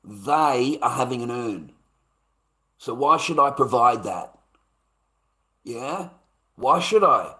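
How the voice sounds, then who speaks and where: This channel host rants on his livestream slowly and expressively, with long pauses, in a medium-pitched voice that sounds pushed and bright. He's confrontational and sarcastic, swearing and repeating himself.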